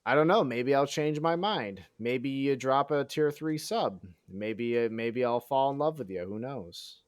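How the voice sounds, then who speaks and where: A mid-range male voice with a clean tone and measured pace, recorded in clean studio sound with no echo. He casually chats during a game stream, boasting in jest, being sarcastic and self-deprecating, swearing and thinking aloud.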